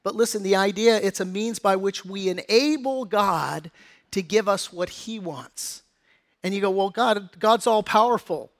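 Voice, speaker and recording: A man's voice: high voice, a little slow, fairly bright tone. A middle-aged pastor preaching a sermon in a conversational, story-telling way, acting out quotes from his family.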